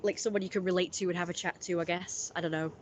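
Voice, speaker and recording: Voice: mid-range voice, fairly even intonation, fast, a little hiss or hum. A streamer, rambling through a casual live-stream story with lots of fillers.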